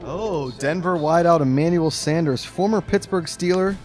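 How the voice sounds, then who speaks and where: A man's voice: fairly high pitch, moderate pace, darkish tone, soft background music. Upbeat man emceeing a draft. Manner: joking, announcing picks with hype. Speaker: draft host.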